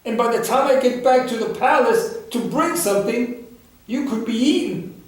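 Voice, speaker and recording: An earnest, unsure young prince, voiced by a man telling a dharma story, speaking hesitantly in a fairly high voice. The sound is roomy, from a mic some distance off. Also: normal speed. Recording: echoey room, far from the mic.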